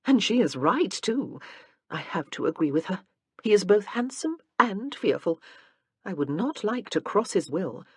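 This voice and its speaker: A woman's voice: mid-range voice, big pitch swings, unhurried, darkish tone, breathy edge, no room sound, clean studio sound, voice pushed up. A woman voicing a frank, opinionated older mother in an audiobook.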